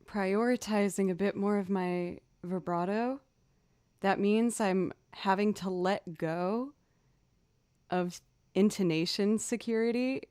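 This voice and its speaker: Woman, young adult, livestream musician, casual chat, upbeat, smooth voice, dry room. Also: mid-range voice, slow pace, a little mellow, no room sound. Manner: chatty, upbeat, self-encouraging.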